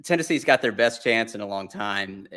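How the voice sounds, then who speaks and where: A man co-hosting a casual sports podcast, building a joke through a deadpan list of facts. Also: fairly low pitch, moderate pace. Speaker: podcast co-host.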